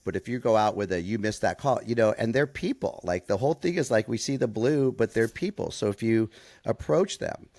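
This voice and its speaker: A man co-hosting a podcast and chatting casually, a softball coach telling stories and acting out what people said. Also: mid-range voice, a little fast, no room sound, clean studio sound. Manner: storytelling, calm, quotes people in voices.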